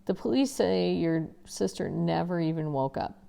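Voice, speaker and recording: A woman voicing a tired middle-aged father in a storybook reading, speaking in a flat, worn way. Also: on the low side, moderate pace, vocal fry. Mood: somber. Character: weary middle-aged father, calm and plain-spoken.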